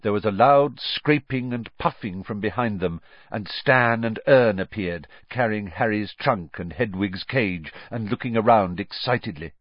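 A man narrating a story aloud in an expressive storytelling manner. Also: fairly low pitch, a little slow, no echo. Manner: expressive storytelling with lively rises and falls. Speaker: audiobook narrator. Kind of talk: scripted narration. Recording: dull, dry studio recording.

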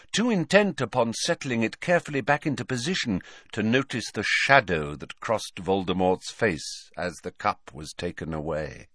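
A man reading a story aloud as narrator, clear and unhurried. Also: fairly low pitch, a bit bright, dry recording, clean studio sound. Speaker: audiobook narrator. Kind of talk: scripted narration.

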